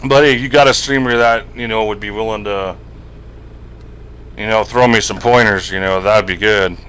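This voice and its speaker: A man's voice: fairly low pitch, fairly even intonation, moderate pace, fairly bright tone, clear, resonant tone. A man streaming a trucking game and chatting casually, rambling along with lots of fillers and "you know". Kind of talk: casual live-stream chat while gaming.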